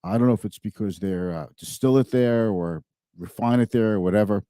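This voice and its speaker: Low, mellow-voiced man hosting a money show. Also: a little fast, smooth, no echo, studio quality. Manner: chatty, self-correcting, thinking aloud. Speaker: financial show host. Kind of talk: casual market commentary.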